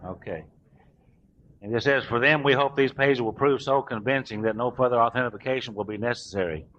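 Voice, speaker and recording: A man's voice: medium pitch, brisk, fairly bright tone. A middle-aged man, telling his recovery story to a meeting in a folksy, self-mocking way. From US South. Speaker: recovering alcoholic speaker. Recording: dull lo-fi recording, faint room hiss.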